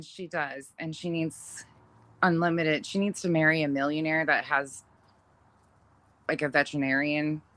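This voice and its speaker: A woman's voice: low-pitched, sharp tone. A middle-aged woman chatting casually on a livestream, reading viewer comments, laughing often and swearing casually. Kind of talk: casual chat.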